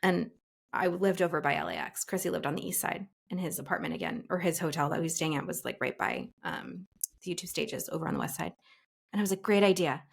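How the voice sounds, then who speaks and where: A woman in her forties, a casting director on a podcast, telling a story with lively energy and acting out the voices of the people in it. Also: sits low, quick pace, gravelly. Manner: breathless storyteller, acts out quoted voices, frequent laughs. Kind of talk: animated anecdote telling.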